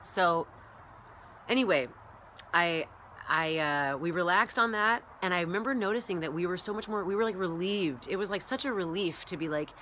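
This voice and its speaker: A woman's voice: lowish voice, moderate pace, bright, forceful tone, slight background noise. A woman vlogging as a wellness coach, rambling and chatty, often acting out her own past thoughts. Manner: rambling and chatty, full of "like" and "you know". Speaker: massage therapist and wellness coach. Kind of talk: casual vlog monologue.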